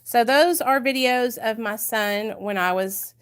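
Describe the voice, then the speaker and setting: A woman's voice: fairly high pitch, unhurried, clear, resonant tone. A woman from the United States, a vlogger speaking candidly and with emotion to her viewers in a confessional vlog.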